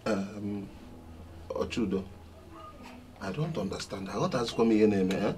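An actor playing a hesitant village elder who haltingly questions the angry brother. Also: male voice, on the low side, noisy background, close to an everyday voice.

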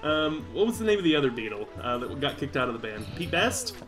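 A jokey let's play host with a fairly high, animated voice who talks in an unhurried way and laughs often. Video game music plays clearly behind him. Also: male voice. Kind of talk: casual gaming commentary.

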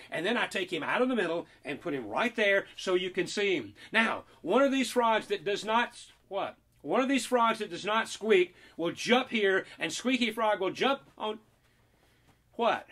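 A man's voice: sits high, fairly bright tone. A man performing a magic trick and talking children through it with playful, teasing, mock-indignant patter.

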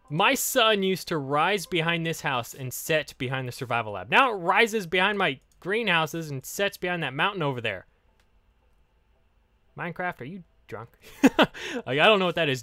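A man giving excitable, giggly Let's Play commentary while he plays. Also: fairly high pitch, no room sound. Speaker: gaming channel host.

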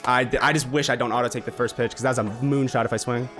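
A man giving casual, excitable commentary as he plays a baseball video game, swearing and trash-talking his own players. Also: medium pitch, quick pace, music in the background. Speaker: gaming video creator. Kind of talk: casual live gameplay commentary.

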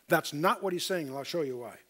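Older man, bible teacher, high voice, emphatic, questions the audience. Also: expressive, fast, fairly bright tone, breathy edge. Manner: emphatic, repeats key points, asks the audience questions.

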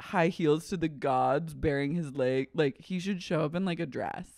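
An animated podcast co-host joking around with a friend, trading riffs and swearing freely. The voice sits at a middle pitch and is recorded close and dry. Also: normal speed, vocal fry, no echo. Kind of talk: casual comedic chat.

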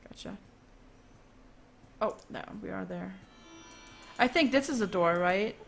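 A woman streaming a game live, chatting and reacting out loud as she plays, at a home desk mic. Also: mid-range voice, unhurried, gravelly, soft background music.

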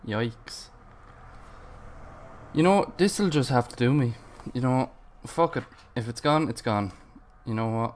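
Slow-talking man, swearing gamer. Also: medium pitch, animated. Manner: frustrated, swearing, rambling to himself. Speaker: gaming channel host. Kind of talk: Minecraft gameplay commentary.

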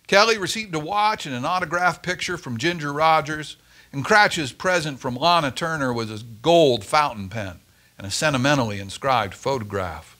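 Expressive male storyteller. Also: fairly high pitch, normal speed. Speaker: story reader at a church Advent service. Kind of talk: scripted story reading.

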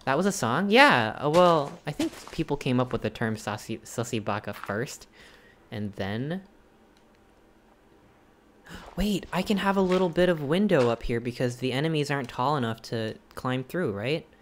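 A streamer chatting with viewers while playing a game live, thinking aloud in hesitant questions and gasping in excitement at each new find. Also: mid-range voice, moderate pace, a little hiss or hum. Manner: excitable, gasping and exclaiming at discoveries.

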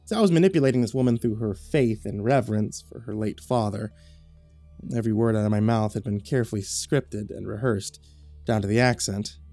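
A man reading a horror story as narrator, measured and low-key, on a close studio mic. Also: mellow, soft background music.

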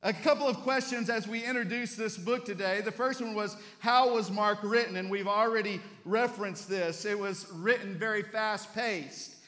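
A male pastor delivers a Sunday sermon in a church. His voice sits high and sounds bright and forceful. The long reverb of the sanctuary trails behind each phrase as he tells animated stories and doubles back on his words. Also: moderate pace, few pauses. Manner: animated storytelling preacher, repeats words as he restarts.

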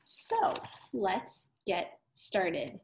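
Cheerful slow-talking kindergarten teacher. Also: female voice, medium pitch, wildly swooping pitch. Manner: cheerful, encouraging, exaggerated teacher voice. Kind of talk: video lesson for young children.

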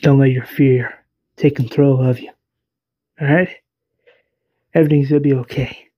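A man voicing a calm older father figure who reassures firmly in a husky voice. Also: mid-range voice, normal speed, lo-fi sound, close to an everyday voice. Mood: reassuring. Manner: reassuring, firm.

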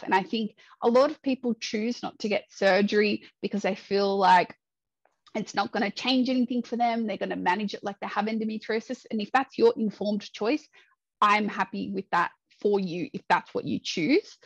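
A woman's voice: mid-range voice, brisk, no room sound, highs cut off. A woman guest on a podcast, talking earnestly and chattily with many fillers. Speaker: dietitian guest. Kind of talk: podcast interview talk.

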